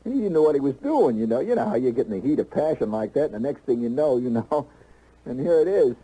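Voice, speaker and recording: A man's voice: mid-range voice, big pitch swings, fast talker, warm tone, husky, low-quality recording. A man telling a long comic story on stage, rambling with lots of "you know" and restarts.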